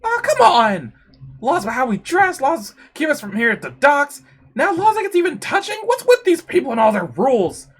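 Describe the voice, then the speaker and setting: Woman doing an excitable young tiger-woman. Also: sits high, a little fast, pitched above the performer's own voice. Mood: fiery. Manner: excitable, bright.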